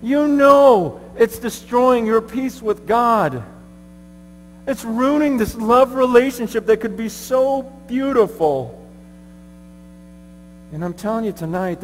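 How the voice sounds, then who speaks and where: A man preaching a sermon at a conference, moving from hushed pleading to shouting. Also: sits high, slow. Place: large conference hall. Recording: echoey hall with mains hum.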